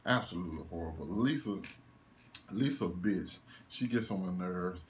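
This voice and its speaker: A man's voice: deep voice, normal speed, slight background noise. A young man giving a casual one-take movie review, ranting in disbelief, laughing and swearing as he goes. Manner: animated, laughing, incredulous rants with swearing.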